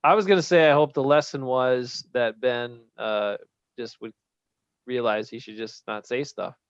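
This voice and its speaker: A man's voice: mid-range voice, steady tone, normal speed, clear, resonant tone, no room sound. A man co-hosting a live podcast, asking his friends questions in casual chat. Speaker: co-host. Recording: dull dry sound.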